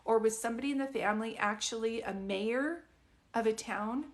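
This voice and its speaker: Her voice sits on the high side and moves at a moderate pace. She's doing a relaxed live psychic reading from home, a dog close by, talking in a rambling, chatty way with lots of fillers and false starts.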